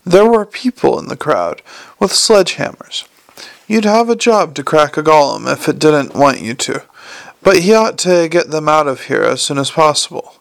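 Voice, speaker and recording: Male audiobook narrator, gravelly and measured. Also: fairly high pitch, animated. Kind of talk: scripted narration.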